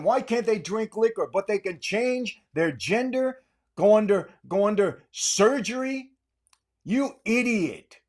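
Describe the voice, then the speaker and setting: Angry older man ranting, high-pitched. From United States. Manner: angry, insulting, repeats himself for emphasis. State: aggravated. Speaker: podcast host. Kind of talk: political commentary rant.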